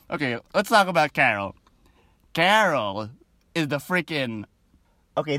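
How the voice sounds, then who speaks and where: A man giving a casual, animated opinion rant on a vlog, chatty and full of fillers, often breaking into laughter. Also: mid-range voice, no echo. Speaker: show reviewer.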